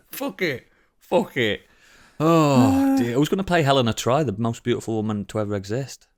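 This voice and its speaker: A man's voice: medium pitch, big pitch swings, unhurried, long pauses. A man co-hosting a casual podcast chat, laughing often, swearing and trailing off mid-sentence. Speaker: podcast co-host.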